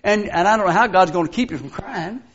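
An older man preaching a sermon, telling folksy stories and swinging from hushed asides to loud exclamations. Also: high-pitched, lively intonation, fast talker, lo-fi sound.

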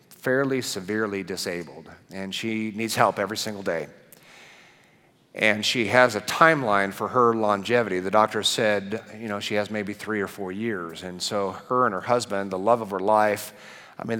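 A man's voice: lowish voice, sharp tone. Male pastor preaching in a reverberant hall. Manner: storytelling, rising to emphatic preaching. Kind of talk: sermon.

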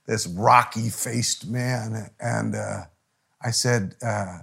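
Soft-spoken male pastor preaching. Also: on the low side, fairly even intonation, extremely slow, gravelly, husky. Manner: storytelling with frequent restarts, softening to a near whisper at emotional moments. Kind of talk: sermon.

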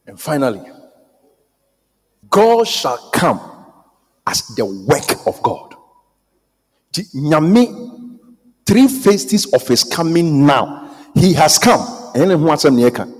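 A man preaching a sermon, emphatic and repetitive, moving between loud declarations, hushed lines and bits of song. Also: on the high side, very animated, slow, long pauses. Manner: emphatic, repetitive, swings from shouting to near whisper, breaks into song. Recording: echoey hall with long reverb.

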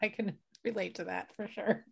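A woman's voice: medium pitch, steady tone, normal speed, gravelly, a bit bright, slightly rough. A woman hosting a podcast interview, encouraging her guest with short affirmations and laughs. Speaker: podcast host. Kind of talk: interview listening.

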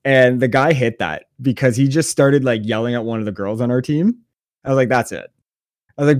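A man co-hosting a podcast, telling a story in casual chat with a sarcastic, profane, animated manner. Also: medium pitch, fairly quick, no room sound, studio quality. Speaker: podcast co-host.

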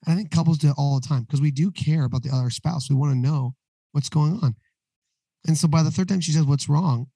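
A man speaks with a hoarse, worn voice, the mellow tone roughened from recent strain. He tells his story candidly and plainly, as a guest on a podcast. The sound is dry and close. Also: a little high, brisk, dry recording, low-quality recording. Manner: candid, storytelling, acts out dialogue. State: hoarse, voice recovering after losing it. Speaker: guest, recovery ministry co-founder. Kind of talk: casual podcast interview.

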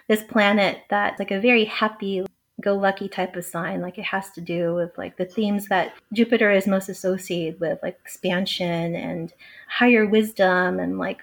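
Chatty woman astrologer, filler-heavy. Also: medium pitch. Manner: chatty, heavy use of "like", giggly. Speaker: astrologer guest. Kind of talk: casual chat.

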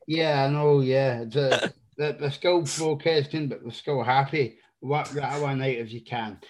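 Scottish man, mid pitch, podcast host, joking, loose delivery. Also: steady tone, measured pace, darkish tone. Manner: joking, with many fillers. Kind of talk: casual podcast chat.

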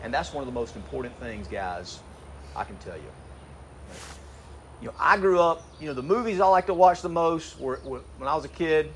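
A middle-aged man preaching a sermon in a conversational way, asking rhetorical questions and slowing down to read scripture. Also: fairly high pitch, expressive, a bit bright, a little hiss or hum. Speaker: pastor. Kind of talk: sermon to graduating seniors.

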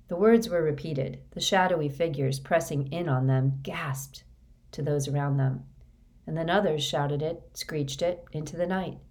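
Deep-voiced female audiobook narrator, measured, even read. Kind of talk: scripted narration.

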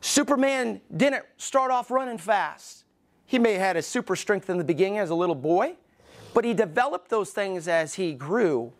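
A man's voice: high voice, lively intonation. Emphatic middle-aged male pastor preaching. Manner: preaching with emphatic pauses, acting out quoted voices. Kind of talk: sermon. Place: church sanctuary.

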